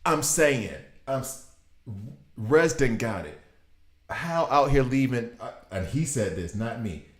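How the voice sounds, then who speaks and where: A man in his thirties giving casual gameplay commentary, riffing in an animated, exasperated way. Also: medium pitch, slow pace. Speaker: gaming video host. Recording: roomy echo.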